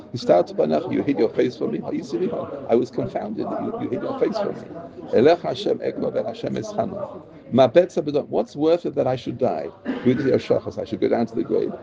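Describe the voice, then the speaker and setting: A man leads a Torah class, working through prayer verses and translating each line with firm emphasis. His voice is gravelly, of middling pitch. The recording sounds muffled, with a crowd audible behind him. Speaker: Torah teacher.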